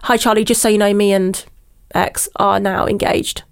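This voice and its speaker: A woman, a podcast guest, telling a personal story in casual chat, animated, mimicking other people's voices and laughing as she goes. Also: medium pitch, moderate pace, vocal fry, smooth.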